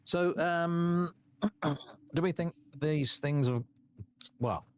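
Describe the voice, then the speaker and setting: A man playing in a tabletop game, talking in a halting way with many fillers and restarts while planning. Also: a little high, clear, resonant tone. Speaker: player. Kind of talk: casual tabletop game chat.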